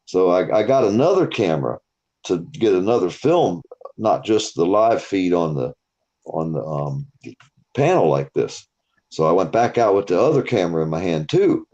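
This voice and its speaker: A man tells rambling, profane stories on a live stream. His voice sits on the low side. The audio is muffled and lo-fi. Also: moderate pace. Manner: profane, animated storytelling. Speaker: stream host. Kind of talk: casual storytelling chat.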